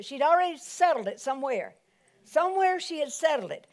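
Animated woman preacher. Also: high voice, moderate pace. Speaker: pastor. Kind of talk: sermon.

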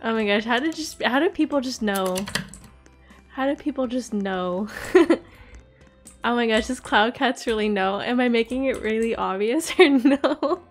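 A young woman hosting a gaming channel, narrating her play live, excitable and quick to gasp and giggle. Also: fairly high pitch, faint music behind. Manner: excitable, gasping and giggling often. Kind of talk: live game commentary.

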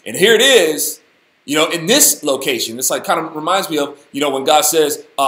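A man hosting a casual Bible study, talking in an animated, folksy, slangy way. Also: on the high side, normal speed, reverberant. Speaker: host, Bible teacher.

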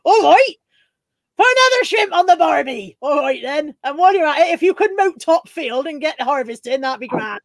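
A woman voicing a gruff, rustic male farmer who gives loud, bossy orders in a drawl. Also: high-pitched, big pitch swings, normal speed, no echo, studio quality, voice pushed up. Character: gruff rustic West Country farmer man.

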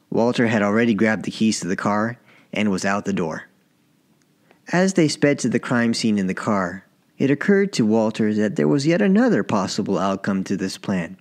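A man narrating his own short story as an audiobook, in a measured, even reading. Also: fairly low pitch. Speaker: author and narrator.

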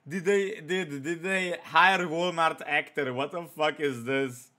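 A man's voice: a little high, slow pace, sharp tone. A young man streaming a horror game, cracking crude jokes and reading on-screen messages aloud. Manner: profane, joking, reads on-screen text aloud. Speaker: gaming streamer. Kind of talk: let's play commentary.

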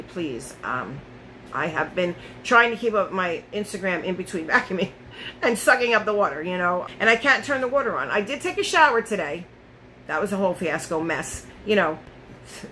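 A woman talks to her viewers in a loose, rambling vlog chat, often restarting her sentences. Her voice is bright and forward, at a middle pitch. A faint hum of ambient noise sits under the recording. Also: poor audio. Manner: chatty and rambling, with frequent restarts. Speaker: beauty vlogger. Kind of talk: casual chat to camera.

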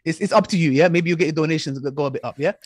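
Fast, high-voiced mocking man debating. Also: no echo, studio quality. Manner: mocking, talks over the other, repeats himself. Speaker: online preacher debating an ex-Muslim. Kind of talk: heated online debate.

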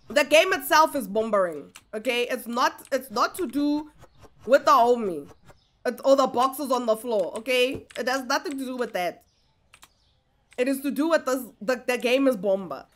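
A young woman giving casual, animated commentary as she plays a game, exclaiming and chatting to her viewers. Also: high-pitched. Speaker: gaming streamer.

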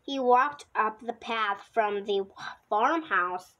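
Her voice leans high and a little bright as she slowly reads a children's picture book, now and then fumbling a word and going back. The sound is lo-fi.

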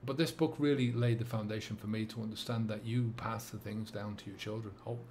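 A middle-aged man with a Dublin accent, talking to camera as a sobriety coach, earnest and halting with many fillers and restarts. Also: on the low side, steady tone, darkish tone, a little hiss or hum. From England and Ireland. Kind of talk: reflective monologue to camera.

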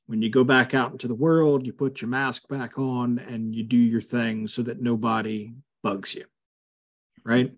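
A man of middle pitch guides a Bible study over a video call. He speaks casually, with many fillers, and breaks into firm asides when he feels strongly. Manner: conversational, frequent fillers, emphatic asides. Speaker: pastor leading a Bible study.

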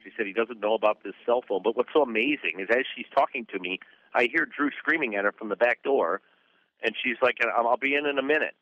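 A man, a divorce attorney, recounting a story in a fast, incredulous way and acting out the voices of others. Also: medium pitch, no room sound, lo-fi sound. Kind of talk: recounting an anecdote.

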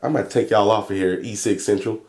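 A young man talking casually in a vlog, cursing and joking as he reads a long list of shout-outs and stumbles over place names. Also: lowish voice, steady tone, fairly quick. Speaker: vlogger and e-liquid maker.

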